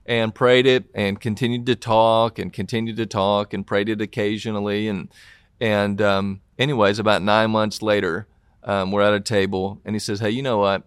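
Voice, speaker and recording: Male pastor guest, earnest reflective talker, low smooth voice, dry sound. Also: little pitch movement, normal speed, dry recording. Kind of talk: casual interview talk.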